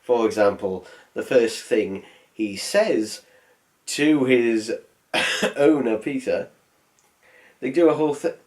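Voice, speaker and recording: A man's voice: mid-range voice, slow pace, pauses often, darkish tone. A man voicing a sarcastic, rambling film review. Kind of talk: comedic film review voice-over.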